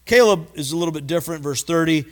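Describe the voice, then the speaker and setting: A man preaching a sermon, animated and acting out voices, often stumbling and repeating words. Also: fairly high pitch, fast. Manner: animated, acts out voices in quotes. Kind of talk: expository sermon.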